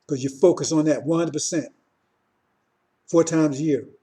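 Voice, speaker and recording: A man's voice: fairly high pitch, steady tone, normal speed, warm tone. A man giving an informal religious teaching, talking in short repeated phrases and often asking his listeners "see?". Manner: repetitive, keeps asking "see?", restarts often. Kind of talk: informal sermon.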